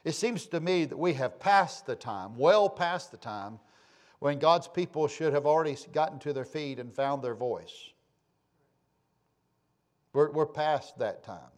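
A man preaching a sermon, shifting between loud, emphatic passages and quiet, low asides, with a folksy storytelling manner. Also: expressive, a little slow. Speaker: pastor.

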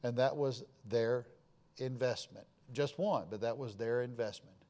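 A man, a pastor preaching a sermon and telling stories, going from hushed asides to loud emphatic lines. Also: medium pitch, measured pace. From Florida.

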